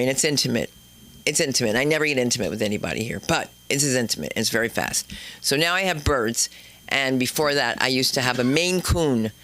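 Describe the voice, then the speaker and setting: A woman hosts a stand-up night on a comedy club stage, talking in a brash, chatty way. Her voice swoops all over, from low asides to loud high bits. The tone is bright and a little sharp.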